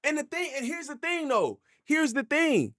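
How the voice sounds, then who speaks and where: Animated male reaction streamer, high and lively, dry sound. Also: normal speed, no echo. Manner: animated, repeats himself, laughs often. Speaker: hip hop reaction streamer. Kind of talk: live stream reaction commentary. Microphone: desk mic.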